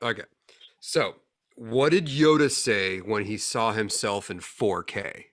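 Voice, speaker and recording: Slow-talking bright-voiced laughing man. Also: lowish voice, animated. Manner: laughs often, slow unhurried telling. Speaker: podcast co-host. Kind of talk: casual joke-telling banter.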